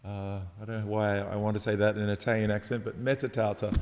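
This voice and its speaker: A man's voice: on the low side, flat delivery, quick pace, darkish tone. A man giving a sermon, reflective and conversational, asking rhetorical questions as he explains the gospel. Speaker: preacher. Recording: long reverb of a large hall.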